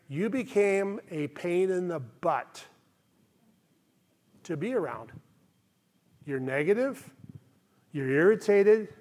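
Guy pastor w/ a pretty high voice, chatty sermon, keeps saying okay?. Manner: conversational preaching, frequent "okay?" check-ins.

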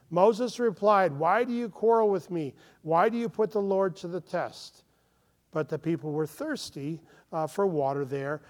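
A man pastor preaching a sermon in an earnest manner, often checking in with his listeners. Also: a little high. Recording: long hall reverb.

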